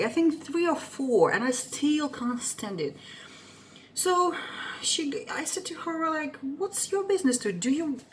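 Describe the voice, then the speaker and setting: A young woman whose first language is Russian rants through a storytime vlog. Her voice sits fairly high and swoops animatedly as she vents, and she swears freely. Her tone stays indignant throughout. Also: slight background noise. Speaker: vlogger. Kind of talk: casual storytime rant.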